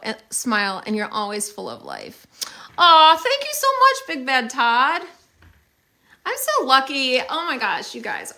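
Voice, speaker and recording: A young woman talks casually on a phone livestream, her tone bright and clear. Her pitch rises and falls a lot as she chats and thanks viewers. She fills the gaps with "um" and "like". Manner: chatty and upbeat, thanking viewers with many fillers. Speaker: livestream host.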